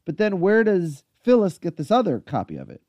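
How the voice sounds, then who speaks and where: In a casual podcast chat, a man goes over a TV episode at a fairly quick clip, his voice animated and bobbing up and down. His pitch is a touch above the usual male range, and the close, dry recording has no room sound.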